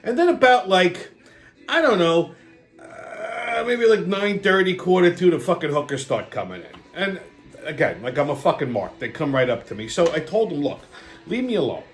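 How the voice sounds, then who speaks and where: A middle-aged New York podcast host with a high, sing-song voice tells a rambling story at a normal speed, with faint music behind him. His delivery is casual, profane and sardonic, and he often laughs as he talks.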